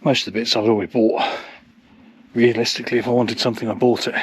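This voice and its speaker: A man's voice: medium pitch, little pitch movement, fast, husky. A man vlogging while wild camping on a snowy hillside, chatty and self-deprecating, a little out of breath from the climb. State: slightly out of breath from hiking. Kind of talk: casual outdoor vlog talk to camera.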